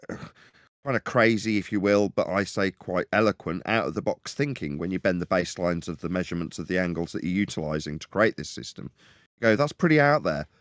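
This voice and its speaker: A man's voice: fairly low pitch, no echo, clean studio sound. A man on a live-stream panel discussion, talking in a rambling, argumentative way with many restarts.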